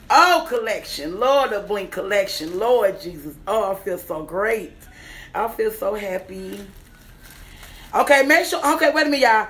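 A young adult woman comedian, loud and excitable, swearing freely and chanting words over and over as she unboxes a gift bag on a casual livestream. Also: mid-range voice, measured pace. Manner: loud, excitable, profane, sing-song repeating. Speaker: comedian and businesswoman.

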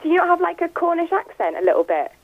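A young British actress chatting in an interview, giggly and full of ums, heard over a phone line. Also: female voice, very high voice, very animated, fast. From Britain. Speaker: actress guest. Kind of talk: casual interview. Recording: tinny phone-line radio sound.

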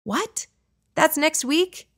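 Woman narrator doing a bouncy little kid in a storybook, high and loud. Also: animated, very slow, full character voice. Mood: surprised. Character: excited young boy, bouncy and eager.

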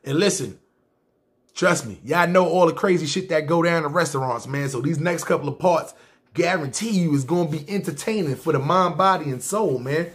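This is a New man who narrates his own life to camera. He speaks in loose street slang and keeps checking in with "see what I'm saying." His voice sits a bit higher than most men's. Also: normal speed, a bit bright. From New York. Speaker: YouTube storyteller. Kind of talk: casual personal storytelling.

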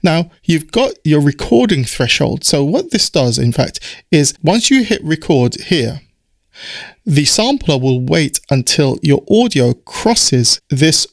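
Man, croaky voice, relaxed step-by-step software tutor, dry close mic. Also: fairly high pitch, slow, no room sound. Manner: explanatory, step-by-step, relaxed with fillers. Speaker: music production tutor. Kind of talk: screen-recorded software tutorial. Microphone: studio mic through audio interface.

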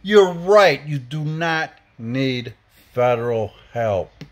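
A man's voice: mid-range voice, lively intonation, slow pace. A man delivering a blunt, profane, heated opinion rant as a podcast host.

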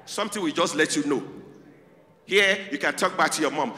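A male comedian from Nigeria with a Nigerian accent, performing stand-up in a lively, animated voice. His tone is high and very bright, with the echo of a big hall around it. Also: fairly quick. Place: large hall with audience. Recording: echoey hall.

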